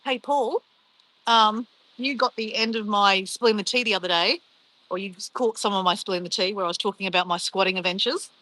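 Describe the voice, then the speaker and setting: Speaking a little fast in a bright, forceful, mid-range voice, a middle-aged woman with an Australian accent reads chat aloud on her casual livestream. She stays chatty and upbeat, shrugging off insults. There's no echo, but the recording is rough.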